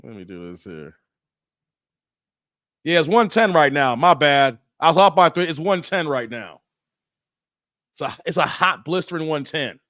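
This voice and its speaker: A man with a fairly high voice hosts a casual live stream. He jokes with his chat in a loose, rambling way and laughs often. The sound is dry and close. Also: big pitch swings, unhurried, pauses often, pushed and bright, dry recording. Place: Las Vegas.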